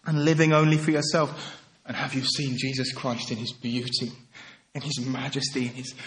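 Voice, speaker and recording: A man preaching a sermon, earnest and pleading, swinging from emphatic peaks to quiet, soft passages. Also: fairly high pitch.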